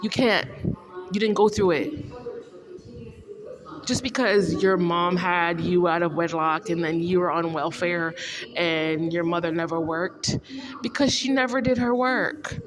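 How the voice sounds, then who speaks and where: A woman's voice: fairly low pitch, a little slow, crowd noise. A woman delivering an indignant, repetitive, confrontational monologue as a vlogger. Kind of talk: rambling monologue to camera.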